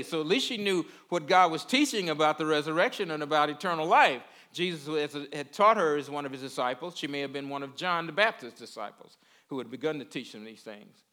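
A man's voice: fairly high pitch, animated, brisk, hardly any pauses, sharp tone. A man giving a conversational sermon in a folksy way. He repeats words and keeps checking in with his listeners. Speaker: preacher.

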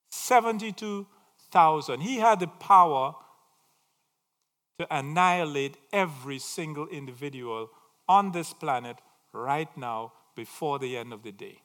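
A man preaching a sermon, swinging from loud emphatic phrases to quiet asides. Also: fairly high pitch, a little slow, long pauses, long reverb tail.

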